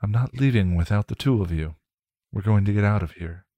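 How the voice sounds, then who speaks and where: A man's voice: lowish voice, fairly quick, warm tone, dry recording, natural voice. A man voicing a brave, kind young witch who soothes and reassures with determination. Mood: determined.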